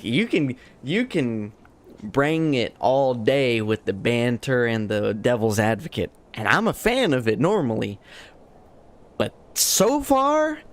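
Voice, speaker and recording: A young adult man streaming a game live, chatting casually and jokingly, swinging between excited highs and low muttered asides.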